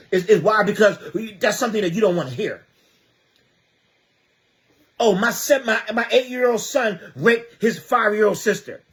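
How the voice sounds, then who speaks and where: High-pitched guy ranting on a livestream, preachy, asks question after question, stammers a lot. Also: fairly bright tone. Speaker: livestreamer speaking on community youth programs. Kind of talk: impassioned livestream monologue reading comments.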